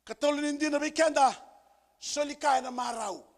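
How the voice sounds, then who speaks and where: A male pastor preaching a sermon with emphasis, repeating key phrases and building to shouted peaks. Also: extremely high pitch, fairly even intonation, fairly quick. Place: church service.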